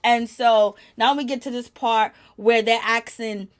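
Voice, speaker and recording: A woman giving a chatty, gossipy recap of a reality show, growing animated when she quotes the people in it. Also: fairly high pitch, measured pace. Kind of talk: casual recap commentary.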